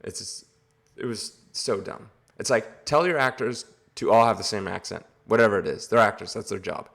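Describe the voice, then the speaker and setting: A man's voice: lowish voice, normal speed, gravelly, a bit bright. A man giving a casual, rambling movie review, exasperated and full of filler words. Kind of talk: casual video review rant.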